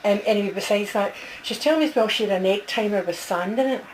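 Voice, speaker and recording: Speaking quickly in a medium-pitched voice, a woman acting as a psychic medium conducts a one-on-one reading, chatting, delivering messages, and often checking with her sitter. The audio is poor, with slight background noise.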